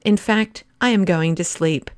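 A woman's voice: on the low side, unhurried, no echo, studio quality, close to an everyday voice. A woman reading a sleepy, contented man in an audiobook, murmuring drowsily. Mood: drowsy.

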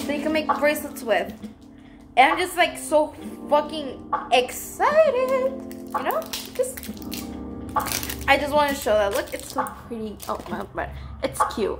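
A young adult woman chatting casually in a crafting vlog, excitable, rambling and swearing freely. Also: high voice, normal speed, over music. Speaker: vlogger.

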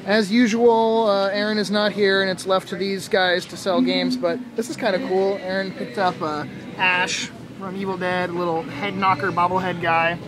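A man's voice: high-pitched, level tone, moderate pace. A man hosting a casual vlog from a flea market booth, joking and laughing often. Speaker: vlogger host. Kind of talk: casual chat. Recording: noisy crowded flea market. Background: busy crowd and music.

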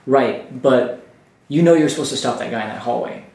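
Guy running a tabletop game, mid voice, thinks out loud, echoey room, mic far off. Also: medium pitch, normal speed. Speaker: game master. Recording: roomy room, distant mic.

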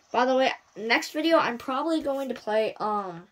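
Playful woman with a lively voice. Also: sits high, normal speed. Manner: playful, exclaims and cries out at the game. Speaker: gamer playing and commenting. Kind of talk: casual gameplay commentary.

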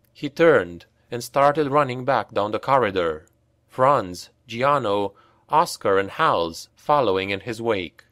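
A male audiobook narrator with a mid-range voice, telling a grim fantasy story at a slow, deliberate pace. The sound is dry and close, with no room around it. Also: mid-range voice, lively intonation, no echo. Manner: unhurried, grave storytelling that lifts for shouted dialogue.

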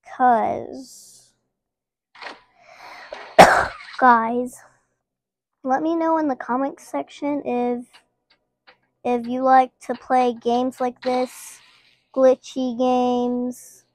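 High-voiced woman chatting through a game. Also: fairly even intonation, drawn-out words, long pauses, no echo. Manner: chatty, playful, talks to viewers. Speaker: gaming channel host. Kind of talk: casual gameplay commentary.

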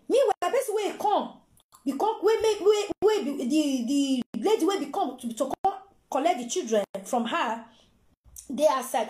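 A woman with a Nigerian Pidgin accent, casually telling a true-life story in an animated, repetitive way. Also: sits high. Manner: animated, repetitive, acts out quoted voices. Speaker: storyteller vlogger. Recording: roomy echo.

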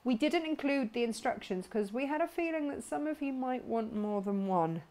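A woman's voice: sits high, expressive, normal speed, darkish tone. Bubbly chatty woman host. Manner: bubbly, chatty, laughs often. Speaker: host of a craft shop live stream. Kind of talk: chatty live stream, reading out viewer comments.

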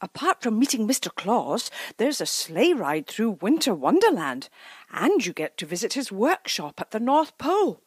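A woman's voice: a little high, sing-song, normal speed, husky, dry recording, studio quality, voice pushed up. A woman doing an earnest, polite little bear.

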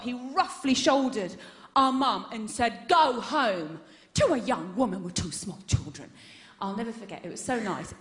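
A woman performing a stand-up comedy set, telling animated stories and punching up the jokes. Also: mid-range voice. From England. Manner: animated storytelling, loud bursts for punchlines. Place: comedy venue stage. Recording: roomy live venue sound.

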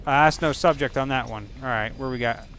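A man giving casual let's-play commentary over a video game, excitable and profane, breaking into silly rhymes and sound effects. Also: mid-range voice, fairly quick, a little hiss or hum. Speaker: gaming channel host.

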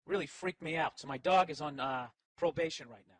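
A man's voice: a little high, fairly quick, a bit bright, no room sound. A middle-aged man with a Boston accent, rambling through a profane, sarcastic comic monologue as a podcast host. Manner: profane, sarcastic, talks to his dog.

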